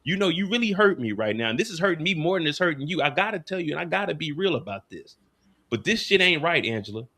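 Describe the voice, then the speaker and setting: A man's voice: on the high side, big pitch swings, quick pace, pushed and bright, exaggerated voice. A man ranting as a hurt, furious man. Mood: angry, hurt. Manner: ranting, cursing, wounded.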